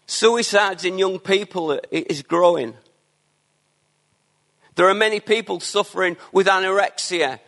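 A man preaching a sermon, earnest and emphatic, with quieter asides between his declarations. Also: high voice, measured pace, vocal fry, pauses often.

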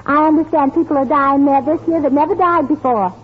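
High bouncy scatterbrained lady, old timey radio comedy, tinny and hissy. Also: a little fast. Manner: scatterbrained, chirpy comic delivery. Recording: scratchy lo-fi old radio broadcast with hiss.

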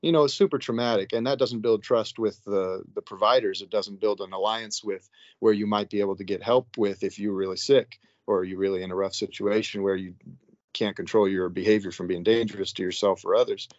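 Man, interview guest, low voice, casual rambling storyteller, dry lo-fi recording. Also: steady tone, brisk, no room sound. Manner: loose and conversational, with frequent "like" and "you know". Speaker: interview guest, psychiatric nurse. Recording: dull, dry, lo-fi sound.

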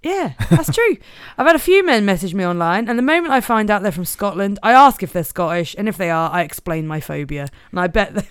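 A woman with a smooth, crisp voice pitched a little high. She swings her tone around a lot, reading a news story aloud and breaking off into giggly, sardonic asides. The sound is dry and close to the mic. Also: expressive, a little fast, few pauses, dry recording. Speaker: podcast co-host. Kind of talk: casual comedic chat, reading news aloud.

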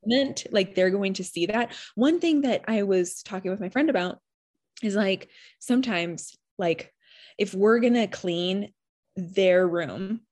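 A woman's voice: medium pitch, unhurried, darkish tone. A woman and mother chatting casually, rambling reflectively with many fillers. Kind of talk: casual chat.

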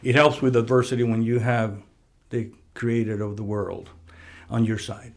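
A man hosting a casual talk, telling a personal story in a conference room, lively when he quotes other people. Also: medium pitch, moderate pace, vocal fry. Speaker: podcast host. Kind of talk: casual conversation. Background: heater running.

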